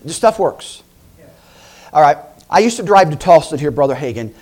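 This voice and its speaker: A middle-aged man preaching a lively sermon, laughing and acting out voices as he tells stories. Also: on the high side, normal speed.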